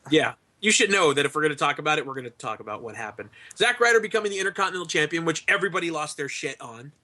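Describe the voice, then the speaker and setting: High bright guy hosting a podcast, jokey and sweary, voice bounces all over. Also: animated, very fast, no echo. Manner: profane, joking. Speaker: podcast host. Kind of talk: casual chat.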